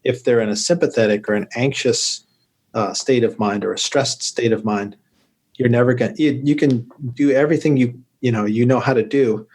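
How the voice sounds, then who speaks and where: A man's voice: mid-range voice, normal speed, darkish tone. A man, a medical guest on a podcast, explaining things at length and livening them up with jokey stories. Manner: explanatory, tells joking stories. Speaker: urologist guest. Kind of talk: podcast interview.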